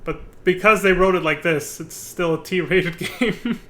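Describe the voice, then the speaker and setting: A young man streaming a game, excitable and swearing freely, laughing often. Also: sits high, a little slow. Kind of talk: casual live-stream commentary while playing.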